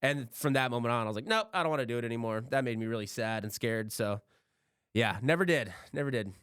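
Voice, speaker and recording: A man talks fast and loose on a podcast, piling up stories and swearing as he goes. His voice sits at an ordinary pitch, recorded close and dry with no room sound. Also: lively intonation, a bit bright, clear, resonant tone, dry recording. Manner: rambling storyteller, swears freely, acts out quotes. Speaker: podcast host. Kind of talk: casual chat.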